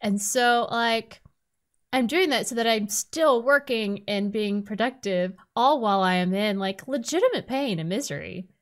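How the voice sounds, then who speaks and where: A woman co-hosting a podcast in casual chat, blunt and profane, ranting with sudden jumps up in pitch. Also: moderate pace. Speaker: podcast co-host.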